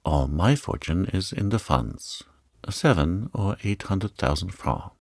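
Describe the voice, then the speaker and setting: A man reading the part of an elderly aristocratic marquis, measured but worried. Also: low voice, expressive, no echo, clean studio sound, full character voice. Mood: concerned.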